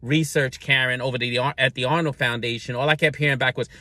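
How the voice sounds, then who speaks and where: Guy doing his saturday rant, blunt and sarcastic, cusses a lot, bright edgy voice, dry close mic. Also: medium pitch, steady tone, fast talker, no room sound. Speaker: host of a weekly rant show. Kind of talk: unscripted solo rant.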